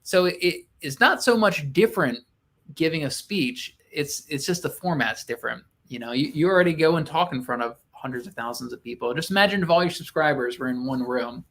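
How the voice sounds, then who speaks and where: A man co-hosting a casual chat, talking in a relaxed, conversational way with animated asides. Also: on the high side, a little fast. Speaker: co-host, real estate agent and YouTuber.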